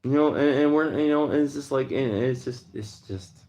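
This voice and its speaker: Man, livestream host, heated rant, casual talk, mid pitch. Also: normal speed, a little mellow. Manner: heated, ranting, reads chat.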